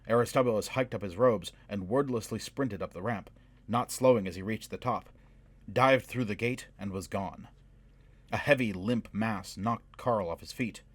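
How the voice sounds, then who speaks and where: A man reading a fantasy novel aloud in measured, dramatic scripted narration. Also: on the low side, slightly rough, no room sound. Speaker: audiobook narrator.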